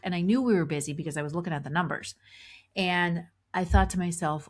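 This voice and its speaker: A middle-aged woman hosting a podcast, retelling a story in a lively way with many restarts and acted-out inner thoughts. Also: lowish voice, brisk. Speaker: podcast host. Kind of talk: storytelling monologue.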